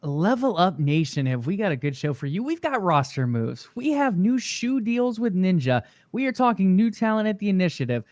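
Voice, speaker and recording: A man co-hosting a gaming podcast, giving relaxed, casual commentary on esports news. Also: sits high, normal speed, hardly any pauses, no room sound. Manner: relaxed, talks through news at length. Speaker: podcast co-host.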